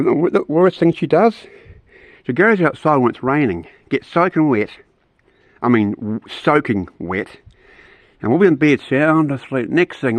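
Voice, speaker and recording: A man's voice: mid-range voice, dry recording. An older man with a New Zealand accent chatting casually and rambling while working outdoors on his vlog. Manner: rambling, chatty, playful with pets. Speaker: vlogger.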